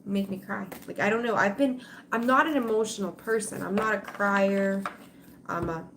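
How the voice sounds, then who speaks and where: A woman's voice: mid-range voice, normal speed, fairly bright tone, slight background noise. A middle-aged woman hosting a tarot livestream, chatting with viewers in an emotional, rambling way full of fillers and restarts. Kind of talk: casual livestream chat with viewers.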